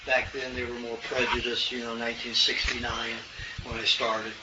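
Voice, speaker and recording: An older man from the American South answering questions from an audience in a relaxed, storytelling way, chuckling now and then. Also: mid-range voice, moderate pace. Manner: folksy storytelling, chuckles often. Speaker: health lecturer. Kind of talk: casual Q&A talk. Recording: roomy, distant, muffled, noisy room recording.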